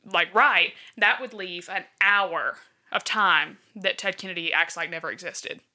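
A woman's voice: on the low side, a little slow, pushed and bright. A woman casually retelling a true-crime case from her notes, with many fillers like "um" and "like". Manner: chatty, filler-heavy, checks her notes. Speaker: podcast co-host.

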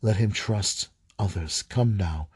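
A man reading scripture aloud, halting at times, stumbling and rereading lines. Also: lowish voice, darkish tone, breathy edge, no room sound. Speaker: scripture reader.

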